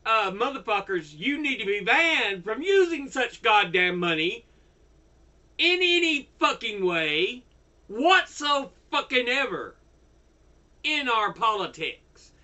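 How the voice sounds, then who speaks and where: A furious older man rants into the camera, swearing constantly and breaking into shouts. His voice is high and very sharp, swinging wildly up and down while he drags the words out slowly. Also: sing-song. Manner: heavily profane, shouting in bursts. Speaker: YouTuber. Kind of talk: angry political rant.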